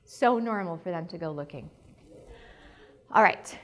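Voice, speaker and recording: A woman's voice: lowish voice, lively intonation, unhurried, a bit bright. A woman presenting at a conference, talking frankly and chatty, with jokes, as a psychology teacher. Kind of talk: candid conference talk. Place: conference breakout room.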